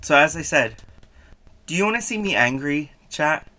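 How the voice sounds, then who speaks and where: A man's voice: a little high, expressive, normal speed, pauses often, pushed and bright. A man chatting playfully with his live-stream audience, laughing often as he answers them. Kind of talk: casual live-stream chat.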